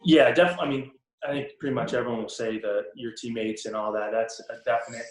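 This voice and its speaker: A young man with a Boston accent, a guest in a casual interview, relaxed and rambling with many ums and restarts. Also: mid-range voice, fairly quick, faint music behind. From Boston area. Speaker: podcast guest, pro hockey player. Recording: roomy echo.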